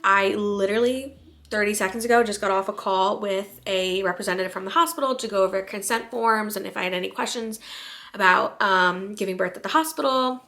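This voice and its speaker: A woman's voice: mid-range voice, fairly quick, fairly bright tone. A young, heavily pregnant woman chatting casually to her camera, rambling with lots of "like" fillers and sounding tired. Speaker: vlogger.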